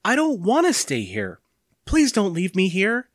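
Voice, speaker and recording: A man's voice: medium pitch, sing-song, normal speed, dry recording, clean studio sound, voice pushed up, lightly acted. A man reading aloud and voicing a whiny, defiant twelve-year-old boy in a raised voice. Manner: sulky, pleading, sarcastic.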